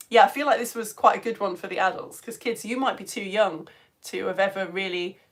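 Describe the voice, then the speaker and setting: A woman science teacher on a live stream, chatting warmly and laughing as she greets viewers by name and reads their comments. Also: medium pitch. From United Kingdom. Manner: bubbly, chatty, laughs often, rambling. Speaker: online science teacher for home educators.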